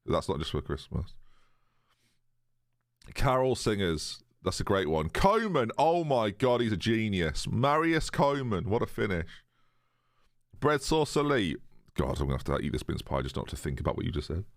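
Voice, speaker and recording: A man's voice: fairly low pitch, big pitch swings, moderate pace, no room sound, clean studio sound. A young man casually chatting with his live-stream viewers, joking and reading their messages aloud. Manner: chatty, jokey, reads chat aloud.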